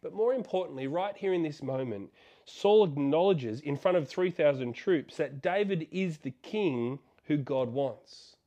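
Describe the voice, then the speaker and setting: A man preaching, retelling a Bible story in an animated way and asking rhetorical questions. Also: a little high, a little slow, muffled recording.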